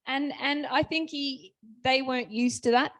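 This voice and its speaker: A woman's voice: high-pitched, steady tone, unhurried, no room sound. A woman author speaking on a festival panel, telling stories in a chatty way with many restarts.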